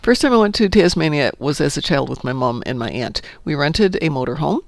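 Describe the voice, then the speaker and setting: A woman's voice: low-pitched, animated, brisk, vocal fry, a little mellow, dry recording. A woman streaming a game, chatting casually, telling stories and cheering at the game. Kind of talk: casual chat while gaming.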